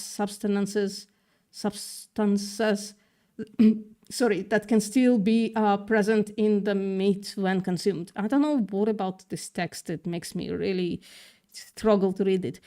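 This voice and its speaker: The livestream host's voice is medium in pitch, a little mellow, clear, and resonant. She reads news aloud casually, fumbling words and dropping sarcastic, profane asides, in a mixed accent tinged partly with British.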